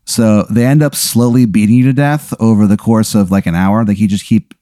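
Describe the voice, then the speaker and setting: Low-voiced rambling male storyteller. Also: a little fast, no room sound, clean studio sound. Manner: rambling, lots of fillers and deadpan escalation. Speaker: podcast host. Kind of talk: improvised comedic storytelling.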